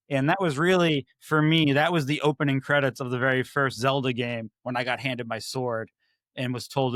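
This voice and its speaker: A man, a podcast guest, telling stories in a casual, animated way and acting out his own past remarks. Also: mid-range voice, fairly quick, dry recording, studio quality. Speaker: podcast guest, IT services manager.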